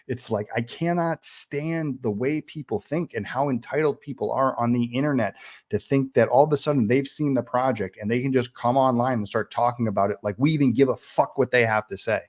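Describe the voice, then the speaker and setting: A man's voice: mid-range voice, brisk. A man in his thirties hosting a casual livestream Q&A, reading fan comments aloud, blunt and rambling, swearing freely with lots of fillers. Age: 30s.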